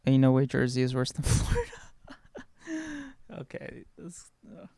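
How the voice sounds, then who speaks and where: Gravelly dude on a podcast mic, dry close sound, swears a lot, keeps stammering and repeating himself. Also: male voice, medium pitch, lively intonation, normal speed, warm tone, no echo. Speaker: podcast co-host. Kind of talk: casual chat reacting to live chat.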